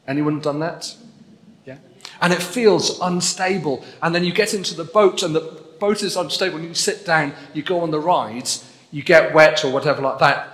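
Preacher in an echoing hall. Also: male voice, on the high side, moderate pace, a bit bright. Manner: earnest, building to emphatic repetition. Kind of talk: sermon. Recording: echoey hall with long reverb.

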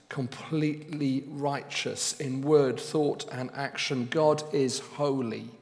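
A man preaching a sermon as pastor, speaking slowly and deliberately and pressing hard on key words. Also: medium pitch, gravelly, in a large hall. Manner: slow and deliberate, with loud emphatic stresses.

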